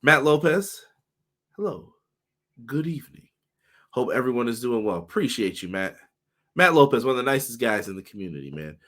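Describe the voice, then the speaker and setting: Guy hosting a live podcast, a bit hoarse, upbeat, shouting out chat folks. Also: mid-range voice, sing-song, moderate pace, pauses often. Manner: upbeat, greets chat viewers by name. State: slightly hoarse voice. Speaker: podcast host. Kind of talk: casual livestream chat.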